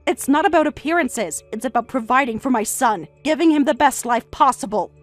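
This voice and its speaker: A woman plays a frantic, defensive middle-aged mother, speaking in a shrill, insistent, raised voice with faint music underneath. Her intonation is lively and her pace brisk.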